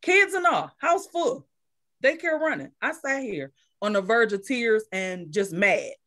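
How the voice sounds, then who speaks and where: A woman's voice: fairly high pitch, sing-song, measured pace, pushed and bright. A woman who runs a daycare, casually telling her story as a guest and repeating phrases for emphasis.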